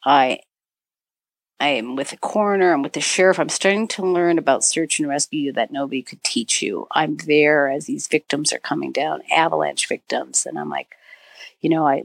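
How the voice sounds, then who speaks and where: Woman, middle-aged, low pitch, dry recording, podcast guest, animated storyteller, many fillers. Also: no room sound. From northern Michigan. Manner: animated storyteller, acts out quoted dialogue, many "you know" fillers. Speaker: podcast guest, author and avalanche dog handler. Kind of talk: storytelling interview.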